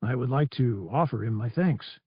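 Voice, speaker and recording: Admiral Akbar, a gravelly old alien admiral, as the narrator voices him. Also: male voice, mid-range voice, lively intonation, no echo, highs cut off. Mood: formal. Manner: formal, measured speech. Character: gravelly elderly alien male admiral, formal and courteous.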